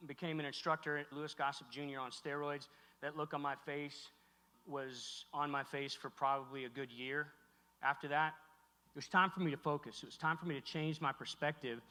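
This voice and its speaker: Bright-voiced man speaking in a hall. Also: on the high side. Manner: halting, heartfelt, many restarts. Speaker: keynote speaker. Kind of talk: emotional keynote speech. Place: large hall on stage. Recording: echoey hall recording.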